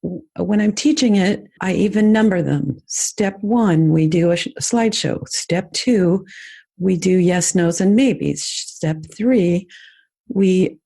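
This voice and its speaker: A woman's voice: fairly low pitch, slow pace, gravelly. A middle-aged woman hosting a podcast, casually teaching sales lessons with enthusiastic coaching. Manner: warm enthusiastic coaching, lively demonstrations.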